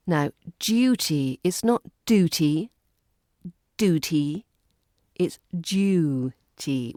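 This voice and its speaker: British woman, accent coach; lowish voice, unhurried, precise drilling, dry close sound. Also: a little mellow, no room sound. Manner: slow, careful drilling of words and phrases. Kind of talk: pronunciation lesson.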